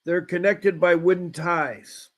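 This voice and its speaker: High-voiced man hosting a call-in show. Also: steady tone, takes it slowly. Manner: rambling, folksy, repeats himself. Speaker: show host. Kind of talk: casual call-in show talk.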